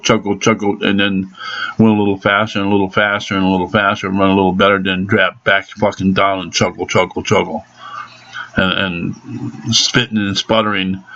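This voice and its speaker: A man's voice: lowish voice, sharp tone, muffled recording. A man venting angrily in a profane vlog monologue about his car being repaired. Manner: angry, cursing constantly.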